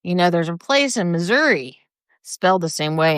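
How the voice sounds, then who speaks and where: A woman's voice: on the low side, brisk, fairly bright tone, clear, resonant tone, no echo, studio quality. Older woman chatting on a live video. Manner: rambling, greets viewers by name. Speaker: livestreamer. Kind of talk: casual live chat. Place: outdoors on her front porch. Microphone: phone or camera for a live video.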